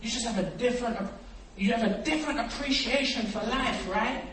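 A man preaching a sermon, acting out dialogue and swinging from quiet reflection to loud, animated storytelling. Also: very high voice, brisk. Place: church hall. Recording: echoey hall, distant mic, noisy.

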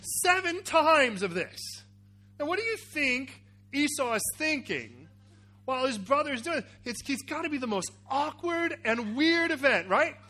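A man preaching a sermon, acting out a Bible scene with cries, shouts and asides to the congregation. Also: extremely high pitch, a little slow, soft background music. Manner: animated, acts out characters with cries and shouts. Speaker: pastor.

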